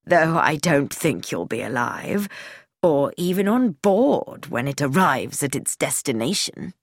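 A woman's voice: sits low, very animated, a little slow, no echo, studio quality, exaggerated voice. A woman doing a cold, menacing commander. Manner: cold, mocking, falsely genial. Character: cold menacing middle-aged male commander. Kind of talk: audiobook reading.

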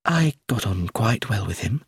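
A man voicing a quiet, composed middle-aged woman in a read story, speaking in a calm, measured way. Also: fairly low pitch, slightly rough, no room sound, studio quality, heavily acted.

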